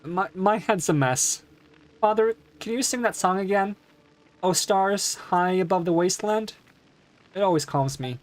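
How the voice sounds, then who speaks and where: A man's voice: high voice, measured pace, pitched above the performer's own voice. A man voicing an earnest young daughter who pleads with her devoted father. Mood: pleading.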